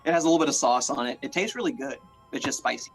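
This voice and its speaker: A man's voice: medium pitch, very fast, slightly rough, faint music behind, low-quality recording. A man narrating as game master, playful and rambling, with lots of "like".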